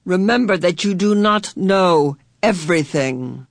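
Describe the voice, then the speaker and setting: A mysterious old spirit woman, as a man voices her, speaking cryptic lines slowly and deliberately. She quotes verse in a measured cadence. The sound is dry and close, and the voice fairly high for a man. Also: expressive, gravelly, dry recording, full character voice. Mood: cryptic solemn.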